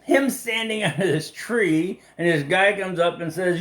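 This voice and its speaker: A man leading a casual live Bible study, animated and laughing as he acts out the people in the story. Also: high-pitched, slow. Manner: animated, laughing, acting out quotes.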